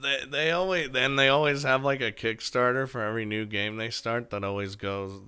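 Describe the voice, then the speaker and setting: Young man, bright tone, smooth resonant voice, eager co-host. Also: mid-range voice, fairly even intonation, brisk, dry recording, studio quality. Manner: enthusiastic, laughs often. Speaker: podcast co-host. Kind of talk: casual chat.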